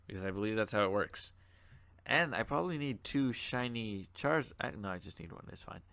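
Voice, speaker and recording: A man's voice: lowish voice, expressive, moderate pace, gravelly, fairly bright tone. A young man casually commenting on his own gameplay as a channel host, sleepy and yawning, rambling with lots of fillers and asides.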